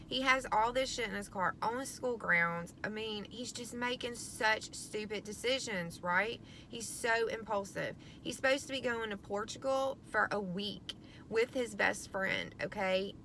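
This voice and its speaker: Frustrated with her teenage son, a middle-aged mother vlogs to camera, cursing freely and rambling through many ums. Her medium-pitched voice is unhurried yet pushed and bright, over a faint hiss or hum.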